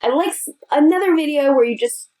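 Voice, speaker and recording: A woman putting on the voice of an eager viewer asking for more, pleading and higher than her usual voice. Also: a little fast, darkish tone, natural voice.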